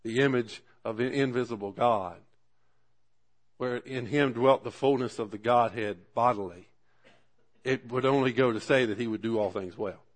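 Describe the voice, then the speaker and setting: A man preaching a sermon, talking through scripture in an earnest, conversational way, with swelling emphasis and drawn-out words at key moments. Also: medium pitch. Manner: earnest, conversational asides to the congregation. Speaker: pastor.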